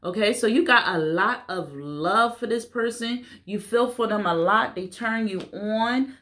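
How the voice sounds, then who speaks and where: A woman's voice: mid-range voice, measured pace, hardly any pauses, a bit bright. A woman gives a casual tarot reading. She talks blunt and playful, cussing now and then as she reads. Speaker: tarot reader.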